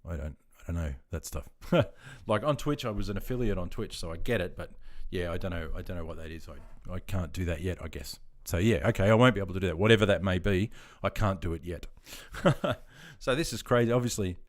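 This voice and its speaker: A man's voice: deep voice, animated. Chatty Australian man in his fifties. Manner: chatty, reads out viewer comments, quick to laugh. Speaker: live streamer, army veteran. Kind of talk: casual live-stream chat.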